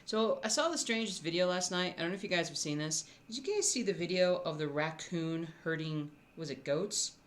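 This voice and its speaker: A woman who designs cross-stitch chats casually with viewers on a live stream from home, rambling and frequently restarting her thoughts. Her voice is fairly low, a little fast, with hardly any pauses.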